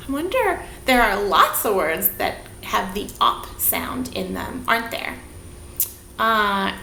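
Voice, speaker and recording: Slow, lively woman leading a kids' dance class. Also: a little high. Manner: slow, sing-song prompting questions to young children. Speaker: movement teacher. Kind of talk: children's movement lesson. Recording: echoey room, faint background hiss.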